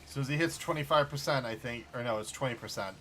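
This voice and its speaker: A bright-voiced man talks loosely while he plays, tossing off wry jokes about the game. Faint music plays underneath his voice. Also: mid-range voice, fast. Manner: relaxed, joking asides while playing. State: slight tickle in throat. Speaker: streamer. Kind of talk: casual gameplay chat.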